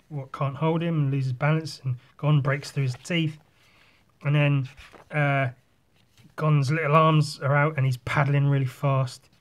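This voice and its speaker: Casual, swearing man rambling on. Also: fairly high pitch. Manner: rambling, swears often, relaxed storytelling. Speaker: artist. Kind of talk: casual chat while drawing.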